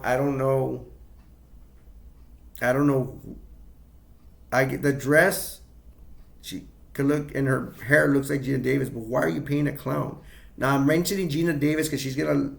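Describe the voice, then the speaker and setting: Rambling gravelly man recapping a film. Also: medium pitch. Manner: rambling, with many restarts and quoted imitations. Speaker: movie reviewer.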